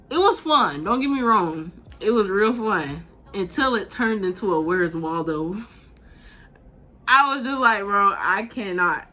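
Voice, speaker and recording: A 19-year-old woman vlogger telling a casual, slangy storytime, animated and laughing as she goes. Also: medium pitch.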